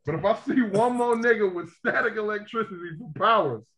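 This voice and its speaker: Profane ranting man, slightly high voice. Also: brisk, rough recording. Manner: heated, profane ranting with loud outbursts. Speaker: podcast co-host. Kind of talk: casual pop-culture podcast chat.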